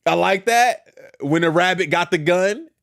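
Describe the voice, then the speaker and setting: A young man hosting a hip-hop news reaction stream, casual and slangy, breaking into loud outbursts and quick asides to his chat. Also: high-pitched, gravelly. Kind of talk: casual live-stream reaction, reading a legal filing aloud.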